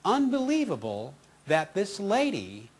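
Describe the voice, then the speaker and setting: A man's voice: sits high, measured pace, slightly rough. A man who is a motivational speaker and radio host, telling a story with enthusiasm and voicing the people in it. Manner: animated, enthusiastic, voices the people in his stories.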